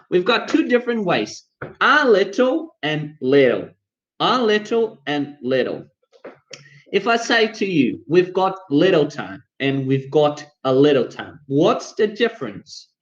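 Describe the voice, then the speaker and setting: Male English teacher, fairly high voice, upbeat and coaxing, dull lo-fi stream audio. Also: very animated, measured pace. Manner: coaxing, upbeat, talks straight to viewers. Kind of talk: live-streamed English lesson.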